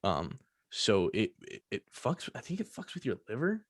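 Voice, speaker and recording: A man's voice: on the low side, huge pitch swings, normal speed, dry recording, clean studio sound. A young man hosting a podcast, telling a personal story in casual, profane chat full of fillers. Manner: loose and profane, many fillers. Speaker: podcast host.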